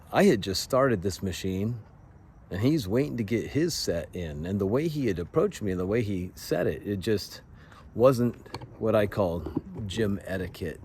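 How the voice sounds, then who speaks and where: Guy in his 40s, kinda low voice, earnest confessional storytime, stumbles and restarts a lot. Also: darkish tone, slight background noise. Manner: earnest, halting, restarts often. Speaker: vlogger sharing a personal story.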